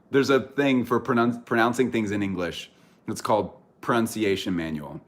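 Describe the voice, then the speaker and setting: An American man with a very deep voice chats casually with viewers on a livestream. He rambles, stops to correct himself and often trails off into laughter. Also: lively intonation, normal speed, fairly bright tone. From United States. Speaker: streamer chatting with viewers.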